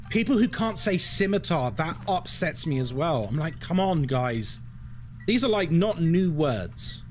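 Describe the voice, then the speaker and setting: A man streaming a horror game, chatting casually to viewers and ranting with frequent swearing and laughter. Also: fairly high pitch. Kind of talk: casual live-stream commentary.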